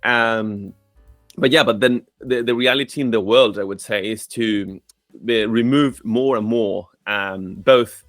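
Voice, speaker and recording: Man, halting host. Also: fairly low pitch, a bit bright, dry recording, clean studio sound, faint music behind. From Chile. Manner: halting, filler-heavy, earnest. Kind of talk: conversational interview.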